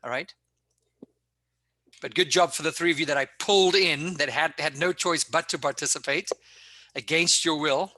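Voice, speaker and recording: A man coaching public speaking in an online workshop, talking in an energetic, emphatic and directive way over a video call. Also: fairly high pitch, normal speed, long pauses.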